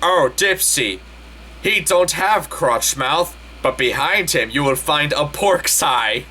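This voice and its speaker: A man voicing a male wizard professor who speaks calmly, softly and low, drawing out his words. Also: takes it slowly, a little hiss or hum, heavily acted. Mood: sultry. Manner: calm, soft, low and drawn out.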